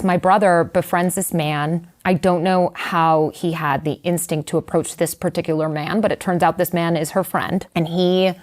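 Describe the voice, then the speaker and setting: A young adult woman telling a personal story in a candid, animated way, full of "like" and "you know". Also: fairly low pitch. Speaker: guest writer. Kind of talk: conversational storytelling.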